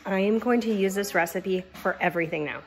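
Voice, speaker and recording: A woman's voice: mid-range voice, fairly quick, soft background music. Gushing woman cooking vlogger. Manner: chatty and gushing, with many fillers. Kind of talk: casual kitchen vlog.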